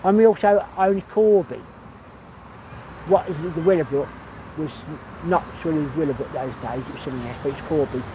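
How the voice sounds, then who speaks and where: Older man, hospital gardener, rambling chatty recollection, fairly high voice, faint traffic outdoors. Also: normal speed, mellow, dull audio. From England. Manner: rambling, repeats "so consequently". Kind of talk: casual reminiscing.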